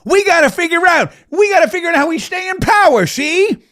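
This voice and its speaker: A man's voice: very high-pitched, animated, brisk, a bit bright, dry recording, studio quality, voice pushed up. A man voicing a scheming male gangster from a 1950s film who tacks "see?" onto his lines. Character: fast-talking male 1950s movie gangster.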